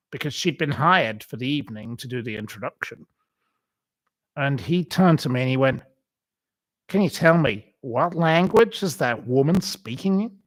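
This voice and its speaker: A man's voice: fairly high pitch, no echo. A man hosting his own commentary channel, talking in a theatrical, indignant monologue with exaggerated swoops of emphasis. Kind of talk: opinionated monologue.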